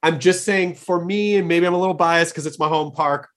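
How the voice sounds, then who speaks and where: A man's voice: on the high side, a little fast, a bit bright. A man hosting a casual interview, talking with enthusiasm in rambling sentences that often restart mid-thought. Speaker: podcast host.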